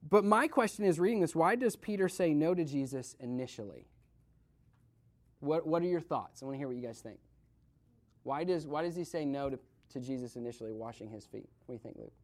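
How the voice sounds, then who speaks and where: Young male youth leader, casual and animated, reads scripture then riffs on it with the group. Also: fairly high pitch, a little fast. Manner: animated, acts out characters, asks the group questions. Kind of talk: casual Bible teaching to a group.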